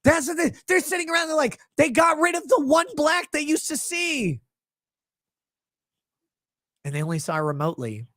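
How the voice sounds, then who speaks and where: A man's voice: very high-pitched, big pitch swings, normal speed, long pauses, no echo. Furious ranting man, dry close sound. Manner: angry, mocking, swinging between shouting and muttering. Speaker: host reacting to clips. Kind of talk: profane reaction rant.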